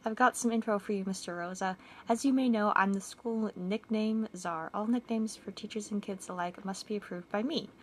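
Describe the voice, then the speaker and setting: A woman's voice: medium pitch, fairly even intonation, moderate pace, slight background noise, lightly acted. A woman reading out a bossy comic-strip schoolboy who proclaims himself in charge of nicknames, in a smug, self-important way.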